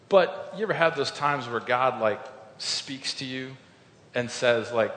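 A man preaching a sermon, telling a personal story with earnest emphasis, swinging between loud points and quiet reflective lines. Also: normal speed. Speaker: pastor. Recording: echoey hall with faint rumble.

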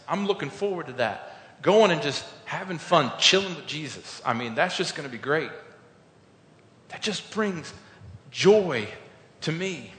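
Man preaching in an echoey hall. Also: fairly high pitch. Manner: informal, storytelling, builds to loud emphatic peaks. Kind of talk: conversational sermon.

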